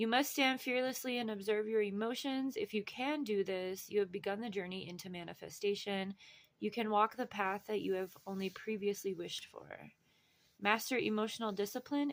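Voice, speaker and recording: A woman's voice: mid-range voice, steady tone, moderate pace. A woman hosting a casual spiritual show on chakras, reading from a book and often checking in with her listeners. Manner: chatty, encouraging, checks in with "all right?".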